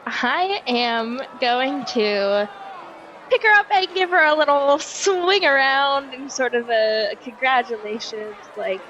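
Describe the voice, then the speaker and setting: A woman's voice: fairly high pitch, fairly bright tone, lo-fi sound, a little hiss or hum. A woman playing a tabletop game, talking in a chatty, giggly way. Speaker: player.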